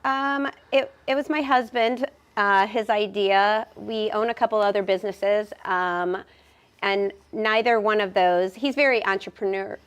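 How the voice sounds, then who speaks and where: A woman's voice: mid-range voice, steady tone, smooth. Hesitant woman. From Northern Ohio, USA. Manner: measured, hesitant, lots of ums. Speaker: guest, business owner. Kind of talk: conversational interview answers.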